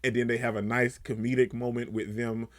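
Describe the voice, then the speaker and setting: Young guy chatting about an episode he just watched, loose and slangy, mid pitch. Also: fairly quick. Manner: loose conversational slang, animated when retelling scenes. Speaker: TV show reviewer. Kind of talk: casual video review.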